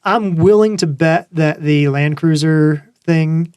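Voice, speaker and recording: A man chatting loosely as a podcast guest, wandering through his thoughts with plenty of fillers. His voice sits a little high. The recording is close and dry. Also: slow pace, smooth, no room sound. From Georgia, USA. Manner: relaxed, rambling with frequent fillers. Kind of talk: casual chat.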